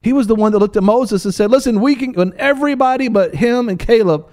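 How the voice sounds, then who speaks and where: A man gives an animated, playful Bible-teaching talk, performing the voices of biblical figures in a high voice at a fairly quick pace.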